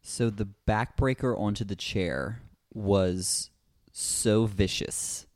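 A man's voice: lowish voice, slow, a little mellow, no room sound, clean studio sound. A man co-hosting a podcast in casual chat, emphatic and admiring. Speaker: podcast co-host.

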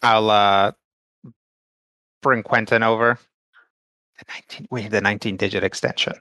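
A man playing in a tabletop game, talking casually with halting restarts. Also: on the low side, flat delivery, sharp tone, no room sound. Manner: halting, restarts mid-thought. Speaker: player.

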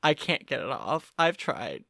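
A woman's voice: a bass voice, sing-song, unhurried, fairly bright tone, no echo, clean studio sound. A woman in her twenties from Oklahoma, co-hosting a podcast in rambling, self-mocking casual chat. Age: 20s. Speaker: podcast co-host.

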